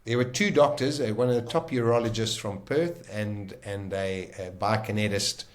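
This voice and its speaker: Speaking in a lowish voice with fairly even intonation, a South African podcast guest recounts his own dramatic survival ordeal in vivid detail. He's emphatic and often breaks off to restart sentences.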